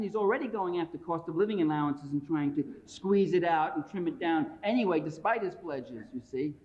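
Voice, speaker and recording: A man's voice: sits high, a little mellow. A middle-aged man giving a public lecture in a combative, emphatic and sarcastic way, recorded on an old tape. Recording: dull lo-fi 1980s lecture tape.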